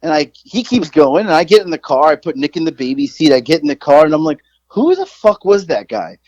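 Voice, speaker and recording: A man in his forties tells a long, meandering story on a podcast, swearing freely and poking fun at himself. His voice sits a little high for a man, and the sound is close and dry with no room echo. He talks casually, with plenty of restarts and asides. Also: fast talker, darkish tone, lo-fi sound. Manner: rambling, profane, self-mocking. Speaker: podcast co-host.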